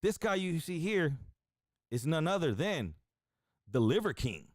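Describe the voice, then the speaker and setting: A man hosting a casual streamed show, talking excitably and crudely straight to his viewers. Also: a little high, measured pace, no echo, studio quality. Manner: excitable, profane, addresses viewers directly. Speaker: stream host.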